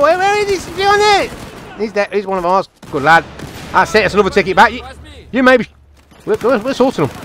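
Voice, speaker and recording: A young man giving excitable, chatty commentary over his own game, talking to himself and his teammates. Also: on the high side, a little hiss or hum. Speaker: gaming channel host. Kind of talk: live gameplay commentary.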